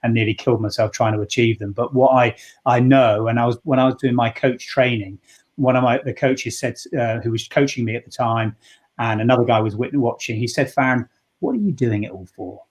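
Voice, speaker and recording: Man, husky, mid pitch, earnest interview answers, reflective, stop-start phrasing. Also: level tone, fairly quick, darkish tone. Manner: earnest and reflective, with many restarts. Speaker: leadership coach.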